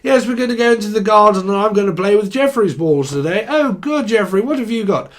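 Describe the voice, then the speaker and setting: A prim, fussy children's TV presenter, as a man puts him on. He scolds in a high, sing-song, silly voice. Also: lively intonation, a little fast. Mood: sing-song, scolding.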